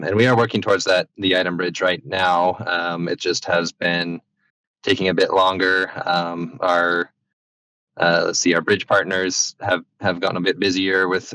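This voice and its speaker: Man, low voice, monotone, bright tone, dry, halting developer answering questions. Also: dry recording, low-quality recording. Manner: halting, many restarts and fillers. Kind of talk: casual explanatory talk.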